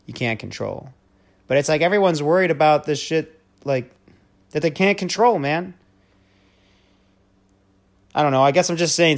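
A man's voice: medium pitch, gravelly. A man hosting a podcast, delivering a blunt, profane rant with a preachy edge. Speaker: podcast host. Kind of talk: casual rant monologue.

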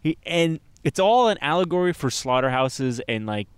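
Rambling, animated podcast co-host man. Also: a little high, normal speed, clear, resonant tone, dry recording. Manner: rambling, animated storytelling with many fillers. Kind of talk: casual chat. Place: outdoors in a cemetery.

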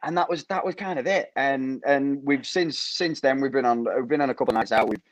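A man's voice: mid-range voice, fairly quick. A young man from Preston with a Lancashire accent, a podcast guest telling rambling stories in casual chat and laughing often. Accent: Lancashire English. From Preston, England. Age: young adult. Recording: muffled lo-fi audio.

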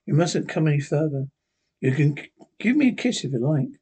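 A proud little girl from an old horror tale speaks in a high, prim voice with a husky edge, as a male reader puts her on. She stays polite and curious, a touch haughty. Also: big pitch swings, a little fast, warm tone.

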